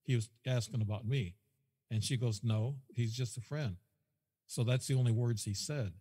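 Rambling male guest storyteller, husky, long echo. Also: medium pitch, normal speed, warm tone. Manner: rambling, repeats himself, quotes dialogue. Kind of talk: casual storytelling.

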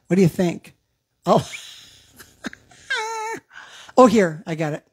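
A woman's voice: lowish voice, takes it slowly, a little mellow, slightly rough. Chatty woman singer hosting a show. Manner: chatty, laughs, reads out viewer comments. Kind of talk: casual chat between songs. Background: backing music.

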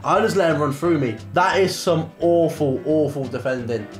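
A young man giving excitable live gameplay commentary, bursting into shouts and repeated cheers. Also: on the high side, normal speed. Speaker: gaming creator. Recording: roomy echo with faint music.

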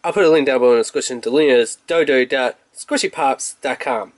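A man's voice: mid-range voice, quick pace, no echo. Chatty man unboxing toys. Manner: chatty, rambling with fillers, excitable when revealing toys. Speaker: toy reviewer. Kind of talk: casual unboxing review.

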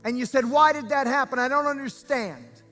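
A male pastor preaching a sermon, reading scripture aloud with drawn-out, half-sung emphasis and stirring the congregation. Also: very high voice, bright, forceful tone, long reverb tail, soft background music.

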